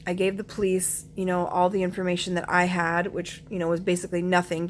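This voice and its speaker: A woman in her forties telling her family's story to camera in an earnest, emotional way, often pausing to search for words and clearing her throat now and then. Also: fairly low pitch, a little hiss or hum.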